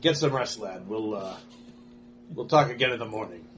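A man voicing a gruff mustachioed male guard captain who questions a stranger bluntly. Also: fairly low pitch, expressive, moderate pace, a bit bright, a little hiss or hum. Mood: dismissive.

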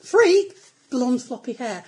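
A high, bright-pitched woman talks brashly in character as a ship's pilot at a tabletop game. She swears freely and cuts in with quick retorts. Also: very animated.

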